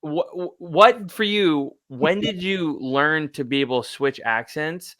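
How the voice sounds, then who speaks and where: A man's voice: a little high, unhurried, pushed and bright, no echo. A man in his twenties hosting an interview, asking eager questions that halt and restart. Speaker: podcast host. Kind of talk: casual interview chat.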